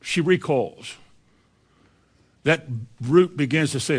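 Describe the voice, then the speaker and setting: A man's voice: a little high, animated, normal speed, long pauses. A man preaching a sermon in a plainspoken way, often acting out bitter people's words. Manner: plainspoken, acts out bitter voices in quotes.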